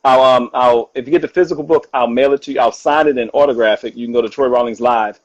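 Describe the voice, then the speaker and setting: A man talking casually on a live stream as a guest author, animated and quick to laugh, often repeating himself. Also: medium pitch, lo-fi sound. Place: home. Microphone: phone or video call.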